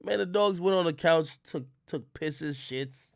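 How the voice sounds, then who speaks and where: A man from Jamaica talking casually on his livestream, telling stories with loud outbursts and quiet mutters, and swearing a lot. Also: on the high side, unhurried, gravelly, no echo, clean studio sound. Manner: animated storytelling, swings between loud outbursts and mutters; swears often. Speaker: livestream host.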